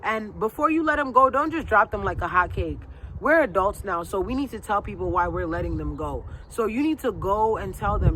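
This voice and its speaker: A woman's voice: medium pitch, animated, brisk, fairly bright tone, a little hiss or hum. Emphatic woman vlogger giving life advice. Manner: emphatic, repetitive, preachy. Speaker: lifestyle vlogger. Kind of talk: casual motivational talk to camera.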